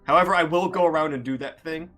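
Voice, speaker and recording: A man's voice: a little high, fast, sharp tone, faint music behind. A man playing in a tabletop game, speaking in a dry, self-deprecating way. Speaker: player. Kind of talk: casual tabletop game chat.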